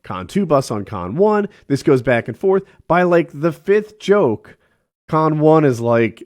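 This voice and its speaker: Lively rambling male podcast host. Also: a little high, unhurried. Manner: rambling storyteller, lively, laughs often. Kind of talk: casual chat.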